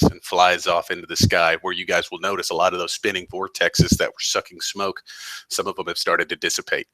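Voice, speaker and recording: A very low-pitched man runs a tabletop game, his voice bright and forceful. He narrates the scene in a relaxed, stop-start way, full of fillers. The sound is close and dry. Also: normal speed, no echo, low-quality recording. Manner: relaxed, hesitant storytelling with many fillers. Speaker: game master.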